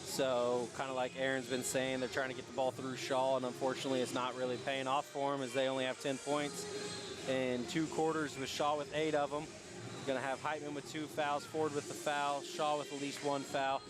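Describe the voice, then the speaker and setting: A man calling live basketball play by play, rattling off each pass and shot from a high school gymnasium. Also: level tone, over music. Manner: rapid running calls of each pass. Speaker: play-by-play announcer. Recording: gym ambience and bouncing balls.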